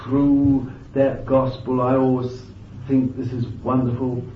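A man preaching a sermon with fervent emphasis, moving between loud bursts and quiet asides, thinking aloud with restarts and "you see.". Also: mid-range voice, level tone, takes it slowly, distant mic, a little hiss or hum. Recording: dull, lo-fi, echoey and off-mic.

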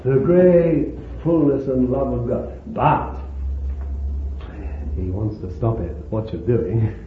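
A man's voice: mid-range voice, slow, a little hiss or hum. A man preaching a sermon with fervent, lingering emphasis on repeated words, recorded on a tinny old sermon tape in a roomy church hall.

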